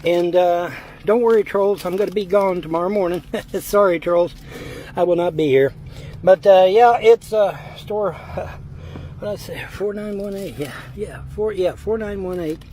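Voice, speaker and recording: A man chatting casually as he eats fast food in his parked car, drawling and rambling. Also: high-pitched, mellow, a little hiss or hum, rough recording. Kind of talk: casual mukbang chat. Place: parked car at a drive-thru.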